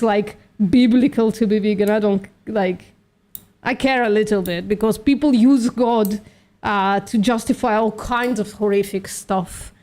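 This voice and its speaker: A vegan activist hosting a live stream argues bluntly in a slightly high voice with a darkish tone, cursing along the way and calling her opponents "sweetie."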